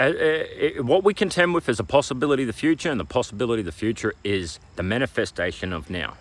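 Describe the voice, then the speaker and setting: A man's voice: mid-range voice, a bit bright. A man with an Australian accent giving an emphatic, preachy self-help talk, repeating slogans and checking in with "all right?". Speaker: motivational vlogger. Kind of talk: motivational self-help monologue.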